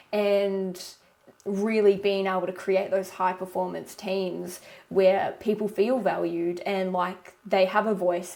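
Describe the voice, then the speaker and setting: A woman's voice: medium pitch, dark tone. A woman hosting a podcast, reflecting in an articulate, coaching manner on leadership. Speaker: podcast host. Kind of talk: interview commentary.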